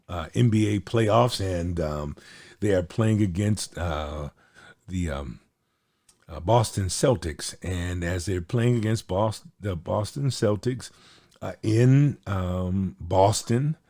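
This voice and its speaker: Gravelly low-voiced man hosting commentary. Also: a little mellow, dry recording. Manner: exasperated, scolding, many fillers and restarts. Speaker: host. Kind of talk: casual commentary monologue.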